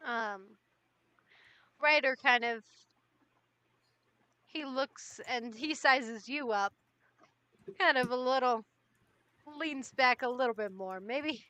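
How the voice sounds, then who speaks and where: A woman narrating as game master in a tabletop game, relaxed and full of fillers. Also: high-pitched, takes it slowly, long pauses, clear, resonant tone, no echo.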